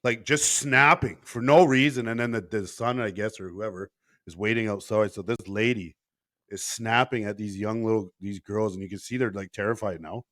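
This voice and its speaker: A man's voice: on the low side, steady tone, normal speed, fairly bright tone, no echo, studio quality. Blunt, profane male podcast host. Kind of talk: casual podcast conversation.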